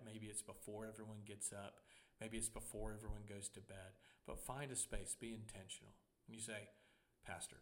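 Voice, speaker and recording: A man's voice: medium pitch, fairly bright tone. A young adult man, a pastor, preaching a sermon in a conversational way, with humor and personal stories.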